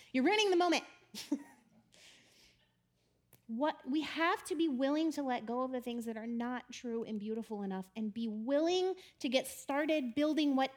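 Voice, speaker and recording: A woman giving a chatty, animated storytelling talk about faith, often laughing as she speaks. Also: a little high.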